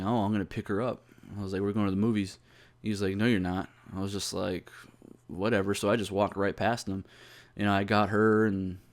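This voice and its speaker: A man's voice: fairly low pitch, darkish tone. Profane, rambling young man telling stories. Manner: rambling, profane, many fillers and restarts. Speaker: YouTuber. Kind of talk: casual storytelling vlog.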